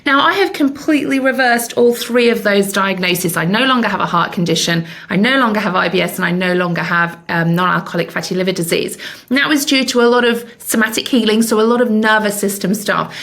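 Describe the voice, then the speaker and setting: Gravelly woman in her fifties. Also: medium pitch, brisk, fairly bright tone. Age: 50s. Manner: candid, self-mocking humor. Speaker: podcast host. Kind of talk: personal storytelling monologue.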